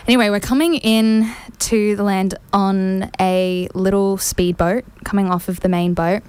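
A woman who is a radio guest tells a story in a casual, animated way, laughing as she goes. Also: medium pitch, unhurried, clear, resonant tone, no room sound. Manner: animated, laughing through the telling.

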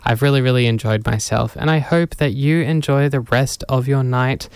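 A man's voice: mid-range voice, normal speed, clean tone, dry recording. A man hosting a radio show, rambling casually with chuckles, many fillers and restarts, on a studio microphone. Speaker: radio host. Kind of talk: casual on-air chat.

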